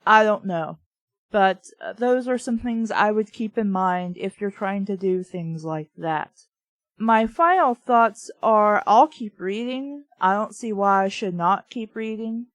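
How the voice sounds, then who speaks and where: A woman's voice: mid-range voice, unhurried, no room sound. A woman with a Southern American accent, chatting casually and ramblingly as a book reviewer. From Southern United States. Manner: chatty and rambling, full of "like" and "you know". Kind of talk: casual chat.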